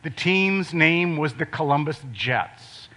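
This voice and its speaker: An older man delivers a sermon in a bright, forceful voice that sits a little high for a man. He talks to the congregation in a conversational way, then drops to a quiet, low emphasis on his key points. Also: expressive, takes it slowly. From Ohio, USA. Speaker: preacher.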